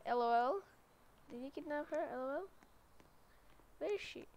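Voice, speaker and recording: A woman's voice: high-pitched, animated, moderate pace. A woman giving casual gameplay commentary as a gaming YouTuber, chatty and reading internet slang aloud. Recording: loud game car-engine noise behind.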